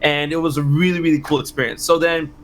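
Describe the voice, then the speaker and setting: Excitable male interview guest, animated storyteller, bright tone, a bit higher pitched. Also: slight background noise. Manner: animated, fast, many restarts and quoted exclamations. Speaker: interview guest, content creator.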